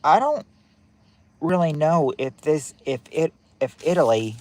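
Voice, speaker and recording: This livestream host has a slightly high, somewhat mellow voice with lively intonation and a measured pace. He reads family quiz questions and chats with viewers by name, often repeating phrases and reacting to their chat names.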